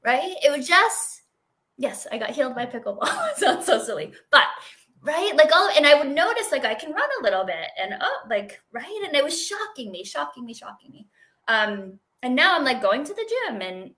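A middle-aged woman, a guest in an interview, telling her healing story in a chatty, expressive way with lots of fillers and laughter. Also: high voice, moderate pace. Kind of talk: casual interview conversation.

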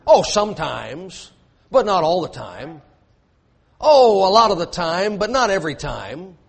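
A man's voice: high voice, sing-song, a little slow, gravelly, husky. A man preaching a sermon, emphatic and repetitive, with joking asides to his congregation.

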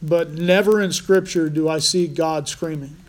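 A man's voice: on the high side, steady tone, a little slow. A man preaching a conversational sermon as pastor, restarting phrases often.

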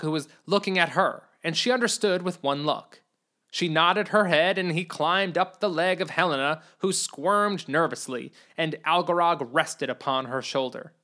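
Storybook narrator reading a comic tale expressively; a steady, mid-pitched voice.

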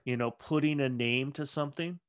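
A man co-hosting a podcast, talking casually and filling in with quick agreement. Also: mid-range voice, muffled recording. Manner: chatty, lots of "you know" and quick agreement. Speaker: podcast co-host. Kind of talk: casual discussion.

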